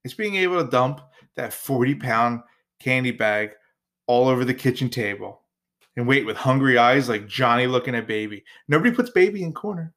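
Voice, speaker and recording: A man's voice: mid-range voice, normal speed, fairly bright tone. A man hosting his own podcast, talking alone in a jokey, rambling way with playful asides. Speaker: podcast host. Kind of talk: casual solo podcast monologue.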